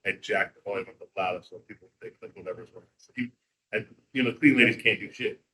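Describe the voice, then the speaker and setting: A man co-hosting a podcast, telling profane stories with animated energy in casual chat in front of a live audience. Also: lowish voice, fast talker, rough recording. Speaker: podcast co-host.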